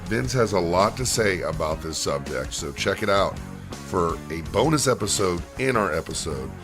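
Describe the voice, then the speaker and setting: A man's voice: low-pitched, lively intonation, normal speed, music in the background. A man co-hosting a podcast, reading out show plugs and asking the questions in an upbeat way. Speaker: podcast co-host. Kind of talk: casual podcast talk, show promos.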